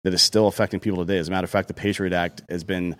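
A deep-voiced man holds forth on a casual podcast. His talk is blunt and heated, thick with profanity, the tone of someone airing strong opinions. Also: flat delivery, racing, fairly bright tone. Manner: blunt, heated, swears often. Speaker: podcast co-host.

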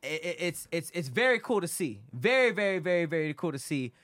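A man co-hosting a podcast in casual chat, animated and quick to jump in, laughing often. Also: on the high side. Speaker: podcast co-host.

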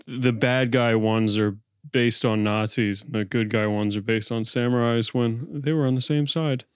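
A man's voice: mid-range voice, steady tone, normal speed, clean tone, no echo, clean studio sound. A man in casual podcast chat, dropping wry joking asides.

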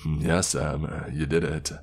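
Guy doing a super deep slow voice for some all-knowing internet thing, flat and commanding. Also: soft background music, heavily acted. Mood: ominous.

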